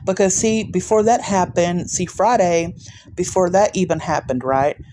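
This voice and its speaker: A woman vlogger telling a story in a casual, emphatic, animated way, with frequent restarts. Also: lowish voice, normal speed.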